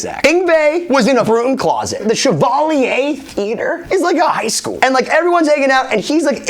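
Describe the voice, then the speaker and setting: A man delivering a profane comedic rant about guitarists, frantic and swearing, lurching from shouts to whispered asides. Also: high voice.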